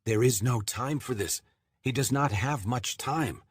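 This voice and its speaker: A man's voice: medium pitch, measured pace, slightly rough, no room sound, voice pushed up. A man voicing an urgent, commanding male spirit-like personality shard in an audiobook. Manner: insistent, urgent questioning.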